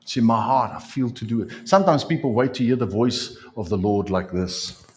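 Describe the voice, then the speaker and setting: A man preaching a sermon as pastor, in an animated, conversational way. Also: medium pitch, fairly quick.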